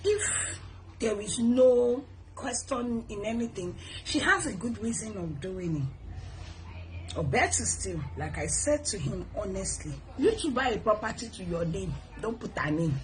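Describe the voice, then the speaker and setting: A middle-aged woman with a Nigerian accent, hosting a casual advice talk. She reads viewer comments in an animated, preachy way, blessing her viewers. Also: mid-range voice, unhurried, slight background noise, poor audio. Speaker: host.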